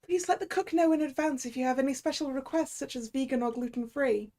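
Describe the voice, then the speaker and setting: A woman plays a young woman behind a game's hotel desk, prim, brisk and polite. Her voice sits lifted and high, with a gravelly edge. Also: dark tone. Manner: polite, businesslike.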